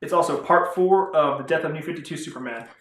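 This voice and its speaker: A man's voice: fairly high pitch, quick pace, background noise. A man rambling through a casual vlog review of comic books, chatty and often correcting himself. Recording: roomy echo.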